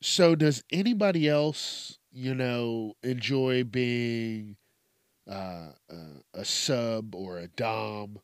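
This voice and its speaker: A man's voice: medium pitch, extremely slow, clear, resonant tone, no echo, studio quality. A man hosting a comedy podcast, talking crudely and playfully, often laughing at his own jokes. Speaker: podcast host. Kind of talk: crude stand-up style monologue.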